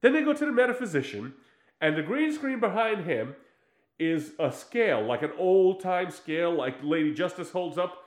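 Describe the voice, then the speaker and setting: Man, slightly high voice, casual chat, animated storytelling, mocking, laughing. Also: moderate pace, echoey room.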